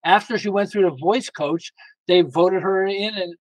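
High-voiced emphatic male guest. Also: normal speed, no room sound, poor audio. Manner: emphatic, lively storyteller with frequent restarts. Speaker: guest author. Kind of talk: casual interview talk.

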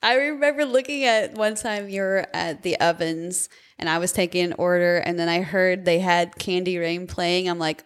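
A woman's voice: fairly low pitch, moderate pace, few pauses. A young woman chatting casually about working at a coffee shop drive-through, laughing often and acting out customers. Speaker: former coffee shop barista. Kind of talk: casual chat.

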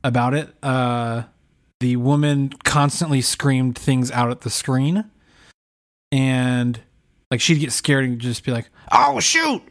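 A man chatting casually as a podcast co-host, telling a story with lively, animated delivery and mimicked voices. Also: medium pitch, takes it slowly. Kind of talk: casual chat.

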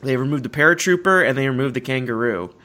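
Talking fast in a pushed, bright mid-range voice, this young podcast host rambles through casual stories. He keeps correcting himself and laughs frequently.

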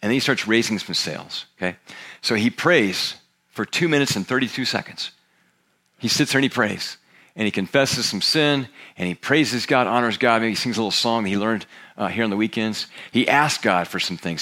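A man's voice: mid-range voice, a little fast. A middle-aged man preaching a sermon as a pastor, telling a story and acting out the voices of the people in it. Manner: storytelling, animated, acts out quoted characters. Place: church auditorium.

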